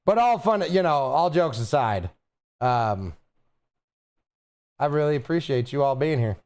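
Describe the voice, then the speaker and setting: A young man streaming from home, chatting casually with his viewers in an animated, teasing way and laughing often. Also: medium pitch, a little slow. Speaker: streamer reading chat. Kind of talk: casual live-stream chat.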